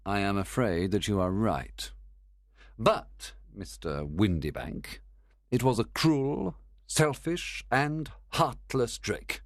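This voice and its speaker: Brief: assured detective for an audiobook, measured, lively intonation, dry close sound, a man doing the voice. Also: on the low side, dry recording, full character voice. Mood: explaining. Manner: measured, quietly assured explaining. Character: calm, confident older male detective. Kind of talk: audiobook reading.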